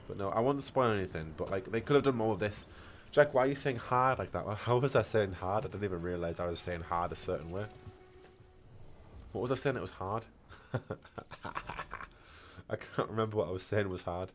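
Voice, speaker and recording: A man with a lowish, fairly quick voice streams a video game, chatting casually, reacting to the gameplay and reading chat questions aloud. Faint background noise is audible.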